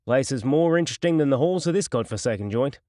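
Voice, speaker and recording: A man's voice: medium pitch, animated, quick pace, no room sound, clean studio sound, close to an everyday voice. A man voicing a sadistic male gangster interrogator who taunts and threatens in a mocking, menacing way, from an audiobook. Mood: taunting. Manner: mocking, menacing, swings to shouting.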